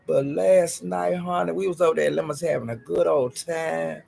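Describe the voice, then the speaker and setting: A man telling gossip in a casual vlog, with a sassy and profane manner, calling his listeners honey and child and jumping up in pitch for emphasis. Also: moderate pace, gravelly, few pauses. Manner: animated, jumps up in pitch for emphasis. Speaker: gossip vlogger.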